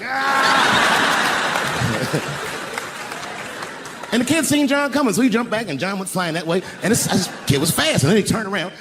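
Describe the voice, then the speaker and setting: Animated male stand-up comic, roaring crowd. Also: high voice. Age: older. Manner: animated, profane, acts out voices. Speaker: stand-up comedian. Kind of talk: stand-up storytelling. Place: large arena on stage. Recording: live arena recording with crowd noise. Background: crowd laughing and cheering.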